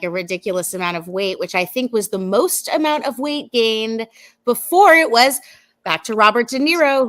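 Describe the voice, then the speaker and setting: A woman's voice: medium pitch, fairly bright tone. A woman speaking in a middle-range voice in a casual panel conversation. She chains trivia together in long run-on sentences. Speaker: panel guest. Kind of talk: casual chat.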